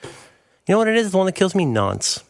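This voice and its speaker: Middle-aged male co-host, animated and joking, dry close sound. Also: sits high, normal speed, vocal fry, dry recording. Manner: playful, riffing, joking. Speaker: podcast co-host. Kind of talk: casual chat.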